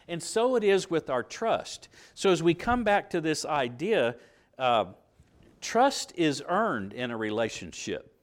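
A man's voice: fairly high pitch, big pitch swings, a little slow. A middle-aged man teaching a Bible lesson in sermon style, asking rhetorical questions and acting out quoted voices. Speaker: preacher teaching a Bible class.

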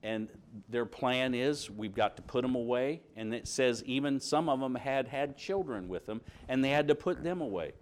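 A man's voice: mid-range voice, moderate pace, darkish tone. Man preaching, reading scripture aloud. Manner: reads scripture aloud, then asks the congregation questions. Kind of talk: sermon.

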